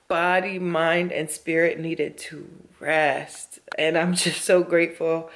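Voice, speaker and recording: A worn-out woman talking casually to her camera in a chatty, emphatic way, often speaking straight to her viewers. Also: sits low. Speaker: vlogger.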